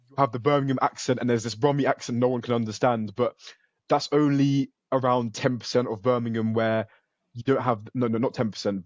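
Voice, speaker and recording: A man's voice: medium pitch, no echo, dull audio. A young man from the UK, a computer science student, talking earnestly and confidently as an interview guest, often restarting his sentences. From United Kingdom. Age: young adult. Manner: earnest, self-assured, frequent restarts. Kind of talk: casual interview over a call.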